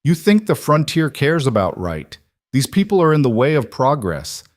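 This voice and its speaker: A man's voice: mid-range voice, very animated, moderate pace, no room sound, studio quality, voice pushed up, lightly acted. A man voicing a cold, ruthless male militia captain who gives orders curtly. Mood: angry scorn. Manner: curt, commanding.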